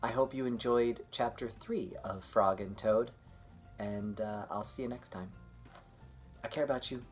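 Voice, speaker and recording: A man reading a children's picture book aloud, gentle and expressive, talking kindly to young listeners. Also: mid-range voice, measured pace, soft background music. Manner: gentle, warm-hearted and expressive, talks to kids. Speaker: children's story reader.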